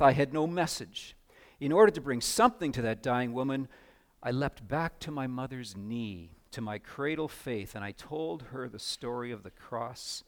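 A man's voice: medium pitch, in a large hall, lightly acted. A man speaking as a humbled young minister, earnest and solemn, in his own voice.

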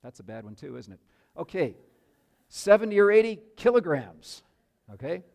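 A man preaching a sermon, telling a story in an animated way with joking asides to his listeners. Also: high-pitched, normal speed, creaky.

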